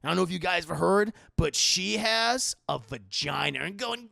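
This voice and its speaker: A young man with a high, bright voice and heavy gravelly fry recaps a movie scene by scene for his live chat, expressive and unscripted. He's sarcastic, jokey and freely profane, riffing casually and dropping into quick character impressions.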